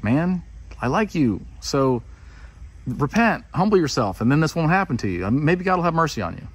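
An easygoing young prophet, voiced by a man telling a story, laid-back but earnest, speaking plainly like a friend giving hard news. His pitch moves in lively swings. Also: normal speed, husky.

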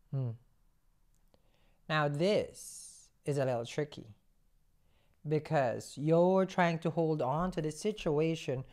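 A tarot reader with a low, darkish voice gives a chatty reading. She hums as she thinks things over and asks rhetorical questions in a conversational way.

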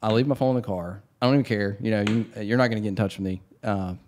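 A man with a drawl talks in a relaxed, casual way, his voice sitting fairly low. He rambles, circling back with fillers and restarts. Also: rapid-fire, a little hiss or hum. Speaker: podcast host. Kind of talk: casual chat.

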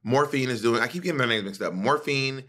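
A man's voice: mid-range voice, fast, pushed and bright. A man hosting a podcast in casual chat, gossiping animatedly and swearing freely. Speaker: podcast host.

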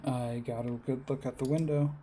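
A man voicing a tall, gaunt young man in a game, speaking slowly and flatly. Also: medium pitch, slight background noise, close to an everyday voice. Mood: tired.

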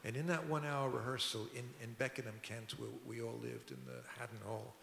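A man's voice: medium pitch, steady tone, brisk, gravelly, a bit bright, a little hiss or hum. An older man, a record producer, telling rambling anecdotes at a public talk in a museum auditorium. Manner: rambling, conversational, frequent restarts. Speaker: record producer and musician, guest. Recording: echoey hall.

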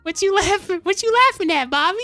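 Mister Chomps, a squeaky sassy sidekick, as a man puts him on. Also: fast, sharp tone, no echo. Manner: sassy slangy trash talk. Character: sassy high-voiced sidekick who mocks the player. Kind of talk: gaming commentary role-play.

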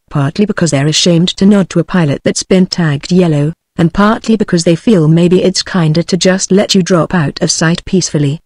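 A text-to-speech woman's voice with a British accent reading an audiobook in an even, synthetic manner. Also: lowish voice, dry recording, studio quality. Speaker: audiobook narrator.

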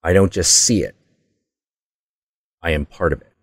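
A man hosting his own show, telling a story as a casual monologue in an intense, profane, excitable way. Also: sits low, a little slow, breathy edge, dry recording, clean studio sound. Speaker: host.

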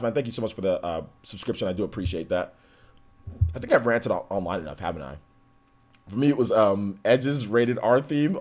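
Streamer host, man in his thirties, casual slangy storyteller, very lively pitch. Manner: animated storytelling, slangy and rambling. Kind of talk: casual livestream chat.

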